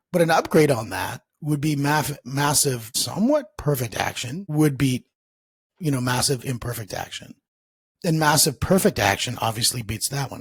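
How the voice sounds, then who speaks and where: A man's voice: mid-range voice, slightly rough, no room sound. A man hosting a podcast, talking in an emphatic motivational way and repeating his key phrases. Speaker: podcast host.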